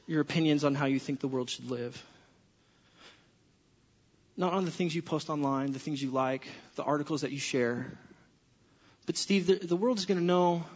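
A male pastor preaching a sermon, acting out his conversations with God in an animated storytelling way. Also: fairly high pitch, highs cut off.

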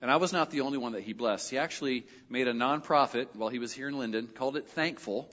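A middle-aged male pastor telling a personal story in a sermon, animated and lively when he quotes other people. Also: medium pitch, quick pace. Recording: dull audio with long hall reverb.

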